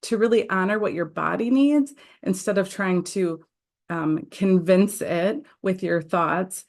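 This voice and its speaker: A woman hosting a guided EFT tapping lesson, speaking calmly with fillers and repeating scripted phrases for listeners to say along. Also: lowish voice, a little slow.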